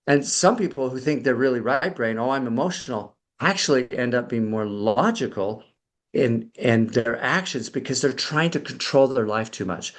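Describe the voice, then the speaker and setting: Middle-aged male coach as podcast guest, mid-pitched, explains patiently with lots of ums and restarts. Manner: explanatory, many fillers and restarts. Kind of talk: conversational explanation.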